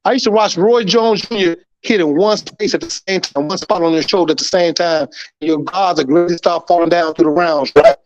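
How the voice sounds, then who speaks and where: Fast-talking high-voiced man from Chicago. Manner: profane, emphatic storytelling with heavy repetition. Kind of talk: casual chat. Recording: muffled lo-fi recording.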